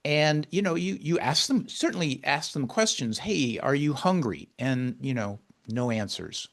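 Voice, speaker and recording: A man's voice: medium pitch, unhurried, fairly bright tone. A man being interviewed as a caregiver and author, earnestly recounting a personal story in a heartfelt, conversational way.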